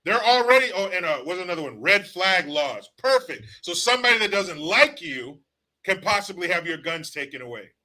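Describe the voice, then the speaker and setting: A man's voice: high voice, big pitch swings, normal speed, sharp tone. A man hosting his own political commentary show, ranting bluntly and sarcastically with plenty of profanity.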